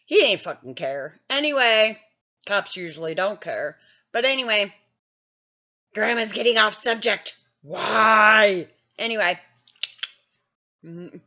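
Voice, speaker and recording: A woman's voice: medium pitch, sharp tone, lo-fi sound. An older woman hosting a gaming channel, telling a story in a blunt, self-mocking way with lots of swearing. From Wisconsin, US. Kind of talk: casual storytelling.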